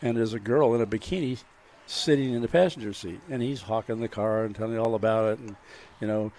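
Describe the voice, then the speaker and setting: A man's voice: lowish voice, fast, mellow, slight background noise. A man on a radio car show, telling a story casually and playing its characters, recorded at an outdoor car show. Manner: drawling storyteller who acts out the lines of his characters. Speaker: restaurant founder and radio guest.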